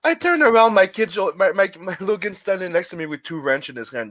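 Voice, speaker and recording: A man from Canada with a French Canadian accent, chatting and joking on a livestream, telling stories with lively energy. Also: high-pitched, fast talker. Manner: animated, joking storyteller. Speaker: stream regular. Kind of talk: casual livestream chat.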